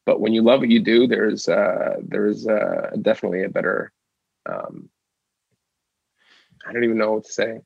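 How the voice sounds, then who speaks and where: Husky-voiced enthusiastic male actor, lo-fi sound. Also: on the low side, very animated, moderate pace, long pauses, a little mellow, dry recording. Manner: enthusiastic, rambling with fillers. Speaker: actor and guest. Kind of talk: casual interview.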